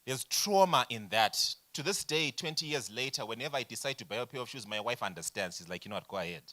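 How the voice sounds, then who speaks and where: A man in his forties leading a business workshop, lecturing in an animated way and asking the room rhetorical questions. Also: medium pitch, brisk. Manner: animated, addresses audience directly with rhetorical questions. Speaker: workshop facilitator.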